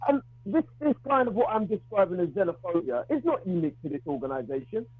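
Man calling a radio phone-in, blunt and outspoken, keeps stumbling and restarting words; high, slightly husky voice over a tinny, dry phone line. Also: very animated, no room sound. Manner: halting, repeats and restarts words; outspoken, argues his view. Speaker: radio call-in caller. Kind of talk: phone-in talk radio call. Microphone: telephone.

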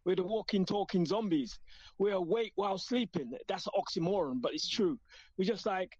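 A man's voice: high voice, normal speed, a little mellow, breathy edge, no room sound. Impassioned male caller on a dull phone line. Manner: impassioned, emotional, preacherly. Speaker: radio caller. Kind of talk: call-in radio discussion.

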